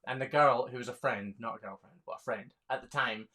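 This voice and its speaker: A man's voice: medium pitch, fast talker, sharp tone. A man, a hoof trimmer chatting casually on a live stream, reading viewer questions aloud and laughing often. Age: 30s.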